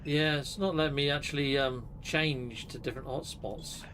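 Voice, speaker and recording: A man hosting a multiplayer game stream, chatting casually and joking excitably with friends. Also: on the high side, normal speed, a little hiss or hum. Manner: jokey, excitable, lively. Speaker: streamer host. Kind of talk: casual gaming chat.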